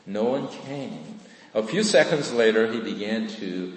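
A man preaching a sermon as pastor, earnest and emphatic, slowing down on key points. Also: fairly low pitch, expressive, roomy sound, in a large hall, rough recording.

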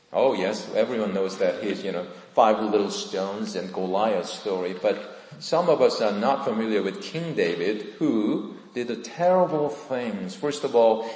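Man, pastor preaching, slow and measured, lowish voice, echoey church hall with long reverb. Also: darkish tone. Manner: earnest, deliberate preaching with emphatic rises. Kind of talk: sermon. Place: church sanctuary.

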